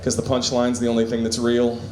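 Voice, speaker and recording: A man's voice: mid-range voice, completely flat delivery, fairly quick, crowd noise. A man doing an open-mic stand-up set in a small bar, loose and casual, laughing at his own jokes, on a handheld mic. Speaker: stand-up comic. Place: small comedy bar stage. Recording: echoey bar room.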